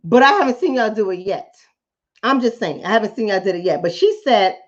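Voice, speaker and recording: A woman's voice: medium pitch, lively intonation, brisk, dull audio. A woman vlogger and coach giving impassioned commentary to her viewers, preaching, repeating lines for emphasis and calling them family.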